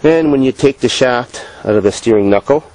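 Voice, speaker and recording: A man's voice: mid-range voice, brisk, a little mellow, dry recording, low-quality recording. A man who runs a farm vlog, telling a long story about a dispute in his own casual way, explaining his side outdoors. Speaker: farm vlogger.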